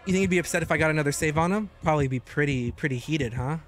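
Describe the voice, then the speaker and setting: A man giving joking, excitable commentary while streaming gameplay, often breaking into high shouts. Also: racing, faint music behind. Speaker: gaming streamer.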